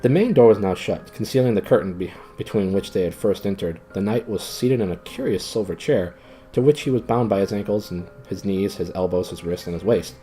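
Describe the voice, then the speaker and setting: Man streamer reading a novel aloud, casual, warm mellow voice. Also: sits low, fairly quick, faint music behind, rough recording. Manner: casual, with asides and stumbles. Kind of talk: live-streamed book reading.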